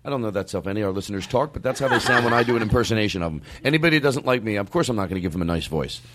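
A man's voice: fairly low pitch, animated, very fast, a bit bright, slight background noise. A man hosting a comedy podcast in casual chat, rambling and self-aware, often slipping into mock voices. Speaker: podcast host.

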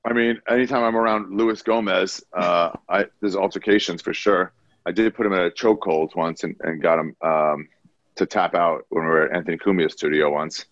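Low-voiced profane man telling stories. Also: fairly even intonation, moderate pace, fairly bright tone, dry recording, lo-fi sound. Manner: profane storytelling, acts out people he quotes. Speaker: comedian guest. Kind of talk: casual podcast chat.

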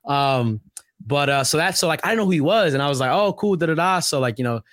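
A young man talks very fast in a loose, rambling podcast chat, piling on "like" and quick asides. His voice sits at an ordinary pitch. The sound is close and dry. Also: no room sound. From Brooklyn, New York. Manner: rambling, animated, heavy on filler "like".

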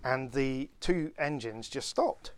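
A man co-hosting a podcast, telling stories in a lively way, restarting phrases and building to punchlines. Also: medium pitch, slow. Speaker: podcast co-host. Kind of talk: anecdotal storytelling chat.

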